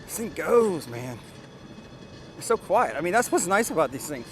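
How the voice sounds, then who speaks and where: A man with a somewhat high voice talks through a product demo in a casual, excited way, explaining each step as he goes. He is outdoors, recorded on a camera mic. A faint machine hum sits behind him. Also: normal speed. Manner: enthusiastic, chatty, explaining step by step. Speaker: tool reviewer. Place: outdoors by a riding mower, later driving it. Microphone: camera mic, at times an action camera on the mower.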